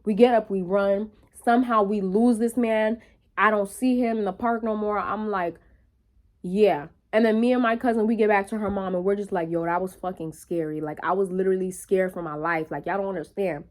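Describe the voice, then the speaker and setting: A young woman vlogging in a casual, animated storytelling way, full of profanity and quick asides to her viewers. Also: mid-range voice.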